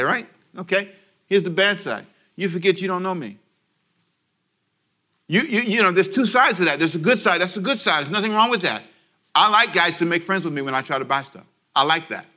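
A man with a slightly high, pushed and bright voice races through a lively radio sermon at a quick pace. Recorded from a church service broadcast, he draws listeners into call-and-response and acts out brief scenes.

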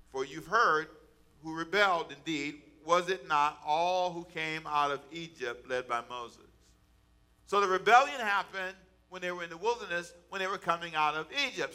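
A man's voice: fairly high pitch, pushed and bright. A man giving a sermon, preaching conversationally and asking the congregation rhetorical questions. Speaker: pastor.

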